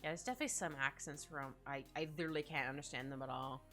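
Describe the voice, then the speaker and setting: Bright, giggly woman streamer. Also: low-pitched, rapid-fire. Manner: rambling, giggly, reads and answers chat. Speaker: art streamer. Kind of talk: casual chat while drawing. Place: home streaming setup. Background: faint background music.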